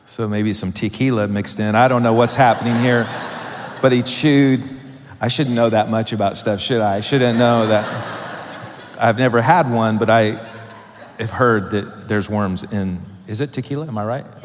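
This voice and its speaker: A man's voice: lowish voice, moderate pace, slight background noise. A man preaching a sermon to a congregation, reading scripture and breaking off into joking asides with building emphasis. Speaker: pastor. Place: church hall. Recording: long hall reverb.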